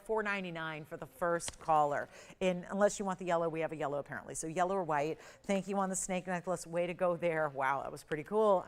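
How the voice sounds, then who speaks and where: Wearing a lapel mic in a studio, a middle-aged shopping channel host pitches products live. Her voice is clear and smooth, and her sales talk is energetic and forceful, with heavy stress on chosen words.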